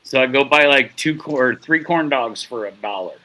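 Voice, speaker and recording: A man's voice: medium pitch, moderate pace, pushed and bright, a little hiss or hum, low-quality recording. A middle-aged man hosting a casual chat, rambling and profane as he tells a story, often laughing at himself. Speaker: show host.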